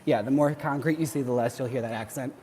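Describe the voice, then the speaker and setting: A man's voice: mid-range voice, fast talker, darkish tone, a little hiss or hum. Chatty Midwestern man livestreaming cardio. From Wisconsin. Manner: chatty, joking, laughs often. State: working out on cardio. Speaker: livestream host. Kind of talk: casual chat while exercising.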